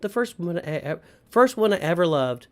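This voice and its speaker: A man's voice: sits high, expressive, a little fast. A middle-aged man hosting a livestream, rambling nostalgically and answering live chat as he goes. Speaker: livestream host.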